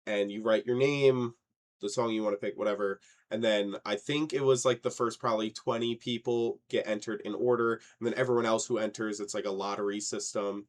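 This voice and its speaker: A young man with a lowish voice co-hosts a casual podcast chat. He tells stories in an animated way, swears freely and jumps up in loud, mocking bursts when something annoys him. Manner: animated storyteller, swears, mocks wrong lyrics with rising outbursts. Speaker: podcast co-host.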